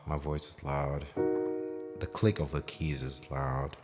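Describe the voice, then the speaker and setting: A man with an extremely deep, low voice gives a relaxed livestream piano lesson from home late at night, wandering through his thoughts with plenty of fillers. His voice rings with a long reverb, and a piano plays clearly behind him. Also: takes it slowly. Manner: rambling, thinking aloud with many fillers; self-described as loud when excited. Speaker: piano teacher streaming live. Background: piano playing.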